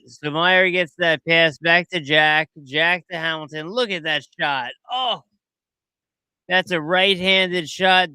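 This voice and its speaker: Male podcast host, a touch high, smooth and clear, rambling casual commentary. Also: dry recording. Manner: rambling, chatty, quick to get excited. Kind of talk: casual commentary over video clips.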